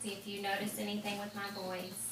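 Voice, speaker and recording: A woman audiologist calmly explaining, step by step, and reassuring her patient during an implant activation. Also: mid-range voice, fairly quick. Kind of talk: clinical instructions. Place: clinic room. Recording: roomy clinic room, far camera, noisy.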